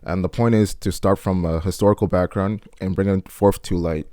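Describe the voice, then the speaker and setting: Man, podcast speaker, lowish voice, earnest, measured, dry close sound. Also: steady tone, mellow, no room sound. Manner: earnest, measured, reads quotes aloud. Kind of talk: explanatory podcast talk.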